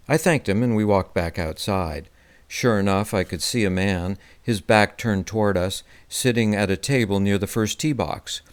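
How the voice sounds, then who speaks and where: A man narrating a first-person memoir in a measured, descriptive way. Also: sits low, smooth. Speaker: audiobook narrator.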